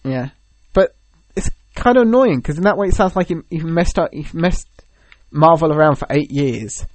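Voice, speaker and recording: A young man chatting casually, rambling through animated stories full of fillers. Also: on the high side, moderate pace, no room sound. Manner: rambling, animated storytelling with many "like"s. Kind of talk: casual chat.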